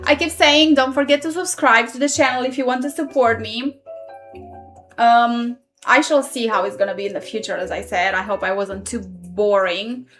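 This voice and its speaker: High-voiced woman chatting on a live stream. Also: steady tone, normal speed, fairly bright tone, faint music behind. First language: not English. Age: 30s. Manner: chatty, reads out and answers viewer comments. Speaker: streamer answering viewer questions. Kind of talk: casual live-stream chat.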